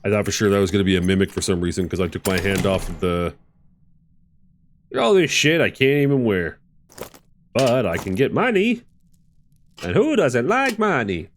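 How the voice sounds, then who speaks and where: A man streaming a game, giving casual, excitable commentary with swearing and bursts of laughter. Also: fairly low pitch, normal speed, pauses often, slight background noise.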